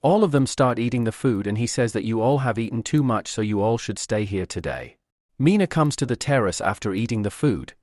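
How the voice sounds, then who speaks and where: A man's voice: medium pitch, expressive, brisk, darkish tone, no echo, studio quality. A man narrating a comic recap in a plain, summarizing delivery.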